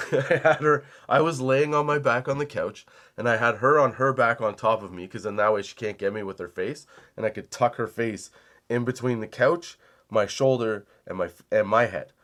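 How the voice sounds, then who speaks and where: Brief: young male comic host, loose and rambling, profane, storytelling mode. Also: mid-range voice. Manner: rambling, animated, swears casually. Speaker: comedy podcast host. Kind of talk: casual storytelling monologue.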